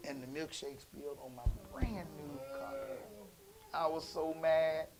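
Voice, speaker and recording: A man preaching in a church, telling a family story in a conversational way that moves from quiet asides to loud emphasis. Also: on the high side, big pitch swings, a little slow, over a noisy crowd. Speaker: pastor. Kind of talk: storytelling sermon.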